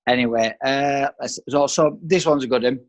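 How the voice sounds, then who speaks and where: A man's voice: medium pitch, normal speed. A man hosting a podcast, speaking in a loose, informal way with many fillers. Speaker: podcast host. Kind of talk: casual chat.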